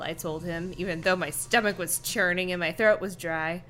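A woman co-hosting a podcast, reading a story aloud in the first person and making dry, quick side remarks. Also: lowish voice, fairly even intonation, bright, forceful tone.

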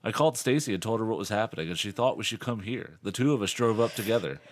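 Deadpan low-voiced man reading aloud. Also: fast. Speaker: podcast co-host. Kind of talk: casual book-reading podcast chat.

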